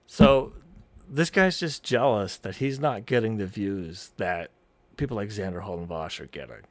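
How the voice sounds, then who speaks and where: A man's voice: lowish voice, lively intonation, normal speed, no room sound. A man streamer giving casual, profane commentary on a video, rambling with frequent restarts and asides.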